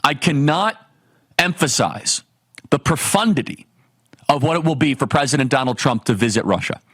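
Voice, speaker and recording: A man's voice: fairly high pitch, normal speed, husky, no echo. Emphatic man hosting a political talk show. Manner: emphatic, rhetorical questions, animated. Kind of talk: fiery political commentary monologue.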